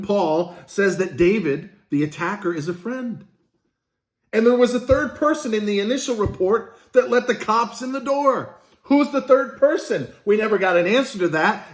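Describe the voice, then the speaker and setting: A man hosting his own channel, delivering a political commentary monologue full of rhetorical questions and blunt profanity. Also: high-pitched. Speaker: business channel host.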